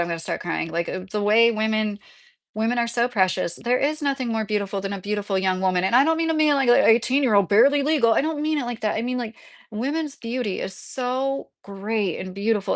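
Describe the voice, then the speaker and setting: A middle-aged woman livestreaming, chatting casually with her viewers in a rambling, earnest way and filling her talk with "like". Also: medium pitch. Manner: rambling and earnest, heavy use of "like". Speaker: livestreamer reading chat.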